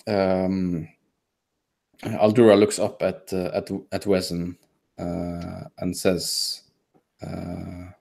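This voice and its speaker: A man narrating scenes in a tabletop story game, slow and halting with many fillers. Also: low-pitched, monotone, gravelly, darkish tone. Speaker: player.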